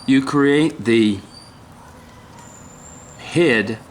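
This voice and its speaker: Older guy showing how to whittle, slow and rambly, keeps clearing his throat, a little hum behind. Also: medium pitch. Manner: halting, rambling, frequent throat clearing and apologies. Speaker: woodcarving instructor. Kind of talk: casual carving demonstration.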